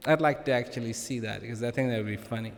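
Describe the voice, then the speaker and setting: A man giving a slow, emphatic talk to a live audience, with playful humor and long dramatic pauses. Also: medium pitch, gravelly, noisy background. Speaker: speaker addressing an audience. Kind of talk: spoken address to a live audience. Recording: long hall reverb.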